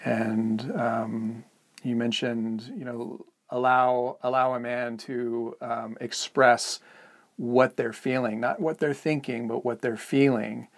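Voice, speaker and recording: A man's voice: mid-range voice, level tone, slow. A man co-hosting a podcast, speaking candidly and hesitantly, often searching for words in a reflective conversation. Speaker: podcast co-host.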